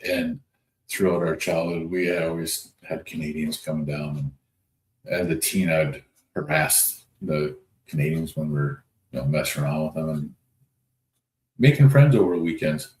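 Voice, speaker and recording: This low-voiced livestream host from North Dakota sounds animated and a little mellow, speaking at normal speed. Easygoing and folksy, he rambles through casual chat while reading comments aloud, in an echoey room with a little background noise.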